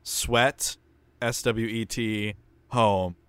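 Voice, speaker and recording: A man's voice: fairly low pitch, steady tone, very slow, fairly bright tone, clean tone, no echo. A man co-hosting a podcast in casual chat, making dry jokes. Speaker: podcast co-host.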